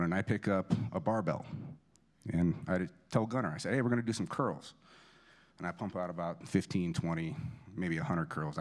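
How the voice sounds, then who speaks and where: A man in his forties with a voice on the low side tells self-deprecating, funny stories about a friend's son. It's a storytelling eulogy at a church memorial service, and he restarts many times.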